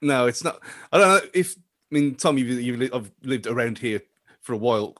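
A man co-hosting a casual podcast chat, teasing the others and speaking in halting bits. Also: medium pitch, animated, fairly bright tone, no room sound, studio quality.

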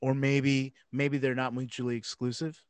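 A man's voice: mid-range voice, little pitch movement, normal speed, smooth, dry recording. A man hosting a podcast segment, chatting casually and cutting in with playful jokes. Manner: playful, jokey interjections. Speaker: podcast host. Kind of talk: casual chat.

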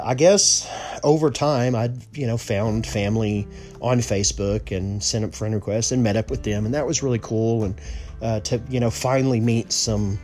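A man's voice: lowish voice, a little mellow. Rambling man telling a story. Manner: rambling, many restarts and asides. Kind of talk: casual personal storytelling.

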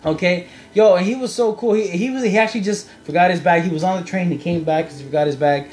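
A man's voice: sits high, quick pace, faint music behind. A young man, a podcast co-host, telling a story in casual chat and acting out the quotes. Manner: animated storyteller, acts out quotes.

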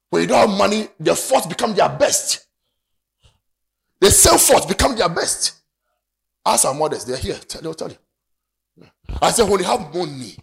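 A man with a Ghanaian English accent preaching a sermon to a congregation in a church, with an animated, sing-song delivery. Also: high voice, gravelly. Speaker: pastor.

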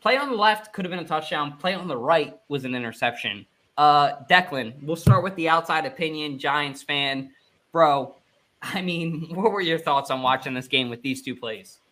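Young male podcast host, bright and high-ish, hyped fan banter. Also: moderate pace. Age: 20s. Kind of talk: casual sports podcast chat.

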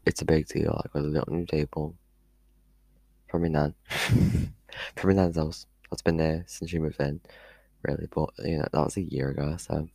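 Gravelly low-voiced teen rambling. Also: male voice, warm tone, no echo. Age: teens. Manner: chatty, meandering, loses his train of thought. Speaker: vlogger. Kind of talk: rambling casual live-stream chat. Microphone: headphone mic.

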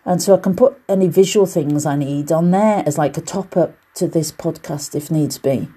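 This British podcast host and quilting teacher has a deep, dark, husky voice and keeps a moderate pace. Alone on her casual quilting show, she chats encouragingly and lets her asides ramble.

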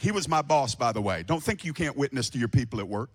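A man preaching an impassioned sermon to a congregation, swinging from shouting to hushed tones. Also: medium pitch, expressive, fast, husky. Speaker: pastor. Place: church before a congregation.

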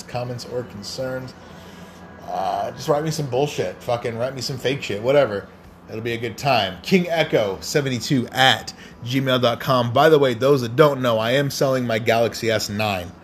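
A man's voice: medium pitch, a little hiss or hum. A man hosting a casual solo podcast, rambling and swearing freely in a loose, crude way. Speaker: podcast host.

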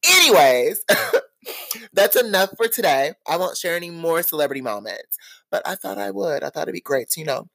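A man hosting a podcast, telling casual stories in an animated, gossipy way with dramatic asides. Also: a little high, normal speed, gravelly. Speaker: podcast host. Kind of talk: casual storytelling monologue.

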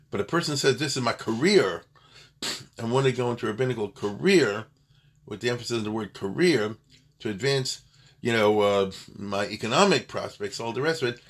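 A man's voice: mid-range voice, a bit bright. A man teaching an informal Torah class in a conversational, digressive way, often checking in with his listeners.

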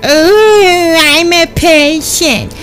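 Whiny mocking patient, voiced by a woman; bright, slow and drawn out. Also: very high voice, faint music behind, full character voice. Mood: whining mockery. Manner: whining mockery. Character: whiny mocking female patient, self-pitying.

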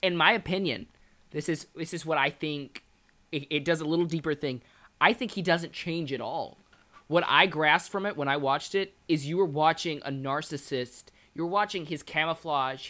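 A man's voice: on the high side, sharp tone. A man co-hosting a podcast in casual chat, passionate and analytical, often repeating words as he builds his point. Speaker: podcast co-host. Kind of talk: casual chat about a video game.

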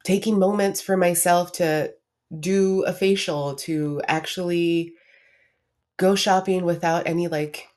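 Young woman, podcast host, low voice, candid and chatty, frequent "like"s. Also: steady tone, a little slow, a little mellow. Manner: candid and confessional, lots of "like" and restarts. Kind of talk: casual personal monologue.

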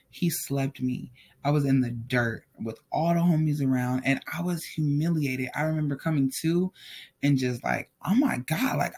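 A man's voice: a little high, creaky. A man telling a personal story in a casual, candid way, talking straight to his viewers. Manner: candid and animated, addresses viewers directly.

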